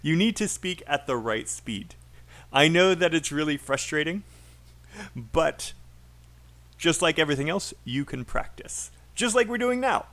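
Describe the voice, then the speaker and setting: A man with a British accent teaching a livestream English speaking lesson, modelling sentences in chunks with deliberate pauses and repeating words for drills. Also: a little high, expressive, a bit bright.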